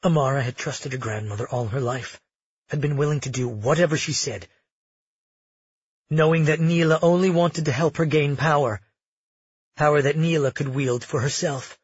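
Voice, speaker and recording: A man narrating a fantasy audiobook in a measured, even storytelling manner with a husky voice. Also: on the high side, dry recording, lo-fi sound.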